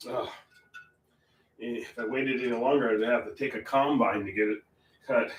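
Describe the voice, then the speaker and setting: A man hosting a painting livestream, rambling in casual chat with sudden loud bursts. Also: mid-range voice, steady tone, a little fast. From Portland, Oregon area. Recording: roomy, from a distance, faint ambience.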